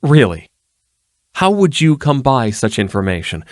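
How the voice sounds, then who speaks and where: A man's voice: mid-range voice, sing-song, a little slow, no room sound, clean studio sound, voice pushed up. A man reading an audiobook, voicing a proud, fiery half-elf woman with a raised voice. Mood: demanding. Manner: sharp and demanding.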